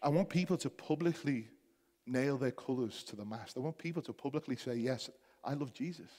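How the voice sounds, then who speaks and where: A man's voice: medium pitch, brisk, warm tone, long reverb tail. A man with a Liverpool accent preaching a sermon to his church, building to emphatic, passionate exhortation. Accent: Liverpool (Scouse). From Liverpool, England. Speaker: pastor. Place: church hall.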